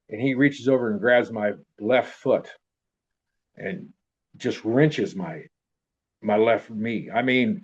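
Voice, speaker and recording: An older man in his seventies telling a long personal story in a rambling, profane way, acting out what people said. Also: on the low side. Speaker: interviewee telling a life story. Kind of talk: casual spoken anecdote. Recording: dull, muffled lo-fi recording.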